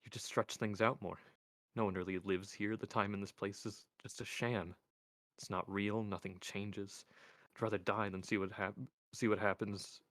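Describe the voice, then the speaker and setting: A man reading a young man speaking softly and evenly, a cold menace under the calm words. The low voice sits close and dry with no room around it. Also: normal speed, dry recording, close to an everyday voice. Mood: earnest. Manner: quiet, even, menacing.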